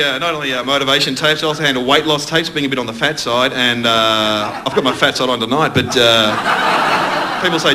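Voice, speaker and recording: A man's voice: medium pitch, sing-song, normal speed, a loud crowd. An Australian man from Melbourne doing a stand-up comedy set, bantering loosely with the audience and mocking himself. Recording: noisy live club recording.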